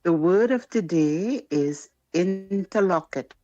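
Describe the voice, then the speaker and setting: A woman's voice: on the low side, expressive, a little slow, dark tone, no echo. A woman calling in to a radio show, formal and teacherly as she gives a word of the day. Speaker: caller. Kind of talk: phone-in call. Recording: dull phone line.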